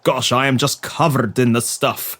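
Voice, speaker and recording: A man voicing a male police constable in a comedy podcast, deadpan and melodramatic. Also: mid-range voice, normal speed, noisy background, pitched below the performer's own voice, close to an everyday voice.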